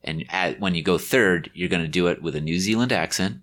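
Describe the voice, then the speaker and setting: A man hosting a podcast, speaking in a deliberate, measured way. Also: deep voice, a bit bright. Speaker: podcast host. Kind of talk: casual podcast chat.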